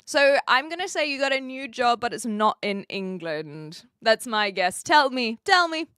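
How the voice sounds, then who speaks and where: Streamer woman, chatty and giggly, slightly high voice, dry close sound. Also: unhurried, a bit bright, smooth, dry recording. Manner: chatty and giggly, reads chat aloud. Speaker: live streamer. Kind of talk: casual live-stream chat. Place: attic room with brick walls.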